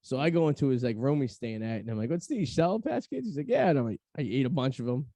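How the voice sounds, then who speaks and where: Mellow-voiced host, dry mic. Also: male voice, medium pitch, lively intonation, rapid-fire, no echo. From Massachusetts. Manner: rambling storyteller, lots of fillers. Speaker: podcast host. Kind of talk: casual chat.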